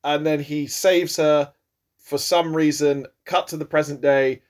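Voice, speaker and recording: A man's voice: on the high side, fairly even intonation, a little slow, darkish tone. A man in casual podcast chat, retelling a film plot with swearing and mocking quoted voices. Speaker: podcast co-host.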